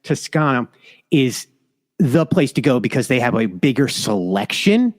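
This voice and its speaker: A man's voice: medium pitch, sing-song, a little slow. A man co-hosting a food podcast, chatty and joking. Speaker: podcast co-host. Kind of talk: casual food podcast chat.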